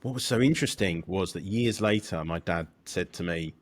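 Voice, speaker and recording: Man, low voice, earnest podcast host, personal storytelling. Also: moderate pace. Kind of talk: casual conversation.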